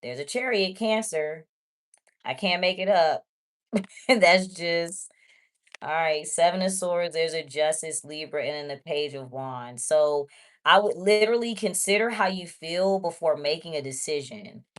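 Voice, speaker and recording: A woman's voice: low-pitched, measured pace. A woman giving a casual tarot reading, chatty and blunt, talking straight to her viewers. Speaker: tarot reader.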